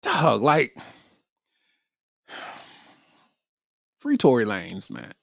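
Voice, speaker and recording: A male comedian hosting a podcast, riffing in an animated, slangy monologue and laughing often. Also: medium pitch, drawn-out words, gravelly, dry recording.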